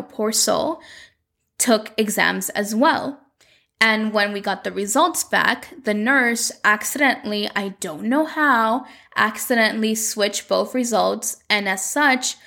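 A woman casually recapping a telenovela episode, quoting the characters in quick asides. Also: medium pitch, a bit bright. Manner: chatty, quotes characters in quick bits.

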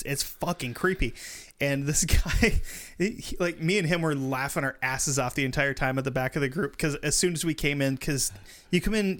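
A man in casual chat, a haunted house worker, telling a story in a relaxed way and swearing casually. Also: medium pitch. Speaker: haunted house scare actor.

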